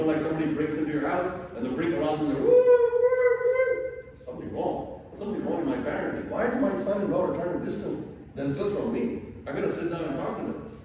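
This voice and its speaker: A man giving a parenting class as an imam, speaking in an animated way. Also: mid-range voice, slight background noise. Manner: animated, acts out quoted family members. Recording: echoey hall from far off.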